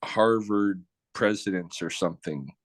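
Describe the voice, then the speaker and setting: A man's voice: lowish voice, measured pace, no echo. A man being interviewed, telling a story in casual speech, blunt and profane with slang.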